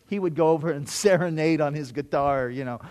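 Brief: middle-aged male pastor, high-pitched voice, animated sermon storytelling with self-mocking humor. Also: fairly quick. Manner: animated, acting out his own past thoughts with self-mocking humor.

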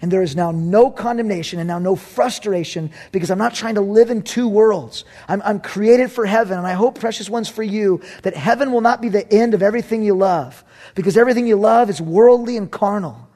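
A middle-aged pastor with a husky voice preaches in a high register. He keeps it conversational and joking, slipping in acted-out quotes between his points. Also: warm tone. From Southern California. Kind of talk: sermon.

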